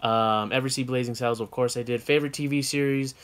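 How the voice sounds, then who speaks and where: A man's voice: mid-range voice, fairly even intonation, quick pace, clean tone. A man from the United States co-hosting a casual chat show, answering viewer questions in a frank, rambling way with many fillers and self-corrections.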